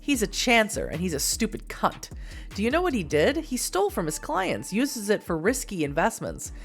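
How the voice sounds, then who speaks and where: A woman's voice: medium pitch, wildly swooping pitch, normal speed, creaky, faint music behind, voice pushed up. A woman voicing a small, wiry male street thug who talks in a menacing, mocking, profane way. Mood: scornful.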